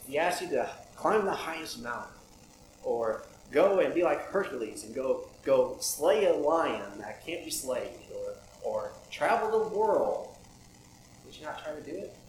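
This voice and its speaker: A man's voice: a little high, very animated, a little slow. A man preaching a sermon in a conversational way, asking many rhetorical questions. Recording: echoey room with audible background noise.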